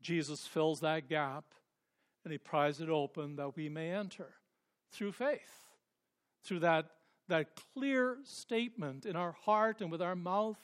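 A man preaching a sermon with passion, swinging from hushed, quiet passages up to loud, emphatic peaks. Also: a little high, slow pace. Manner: impassioned, rising to emphatic peaks then dropping to hushed tones.

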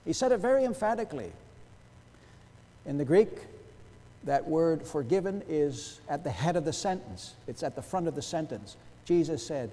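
Male pastor, higher voice, very animated delivery, sermon with long church echo. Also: unhurried, pauses often, slight background noise. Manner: emphatic, rhetorical questions, wide swings in loudness. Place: church sanctuary.

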